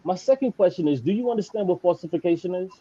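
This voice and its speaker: A man's voice: high voice, lively intonation, fast, dark tone, husky, dull audio. A man calling in to an online debate show, insistently repeating his questions. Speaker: caller.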